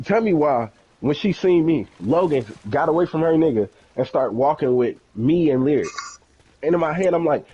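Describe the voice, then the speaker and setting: Animated young man telling a profane story. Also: a little high, moderate pace, husky, poor audio. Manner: animated, profane, acts out quoted dialogue. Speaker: streamer. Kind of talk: casual storytelling on a game stream.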